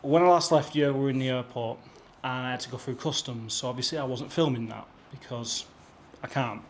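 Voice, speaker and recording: A man's voice: medium pitch, fairly quick. A young British man with an English accent, chattily telling a travel anecdote to camera for his vlog, acting out the dialogue as he goes. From Britain. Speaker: travel vlogger. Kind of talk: casual storytelling to camera.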